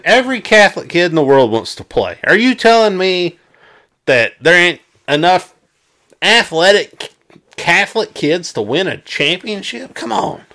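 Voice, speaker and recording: Animated Southern man ranting about sports. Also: sits high, unhurried. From South Arkansas. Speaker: sports podcast co-host. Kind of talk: casual sports chat.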